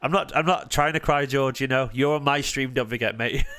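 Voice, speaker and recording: Here a man runs a live football watchalong stream, answering chat in a sarcastic, defensive way. His voice shifts between low grumbling and sudden raised bursts, and his pace is fairly quick as he alternates commentary and chat responses.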